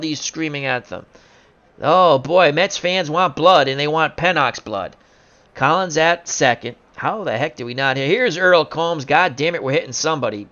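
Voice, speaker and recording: A man doing jokey play-by-play commentary on a simulated baseball game, bursting into loud excitement on big plays. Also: on the high side, moderate pace.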